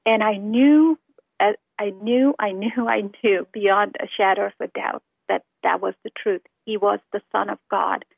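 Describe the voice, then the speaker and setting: A woman's voice: medium pitch, steady tone, a little slow, vocal fry, husky, no room sound. Earnest woman on a tinny phone line. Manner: earnest, heartfelt storytelling. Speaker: testimony speaker. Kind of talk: personal conversion testimony.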